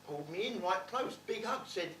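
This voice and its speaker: A man performing a stage monologue, playing a streetwise man telling his rough childhood with blunt, swearing wit. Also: high-pitched, lively intonation, brisk, sharp tone, slight background noise, full character voice. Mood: wry. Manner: wry, blunt, swearing storyteller. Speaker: stage actor in a one-man play. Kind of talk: theatrical monologue storytelling. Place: theatre stage. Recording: roomy theatre, distant mic.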